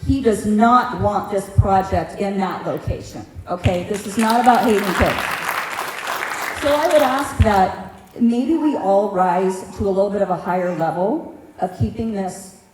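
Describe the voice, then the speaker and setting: A woman's voice: mid-range voice, normal speed, a crowd in the background, noisy background. A middle-aged woman giving an earnest, heartfelt public comment at a community meeting, plain-spoken and personal. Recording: echoey meeting room, faint ambience.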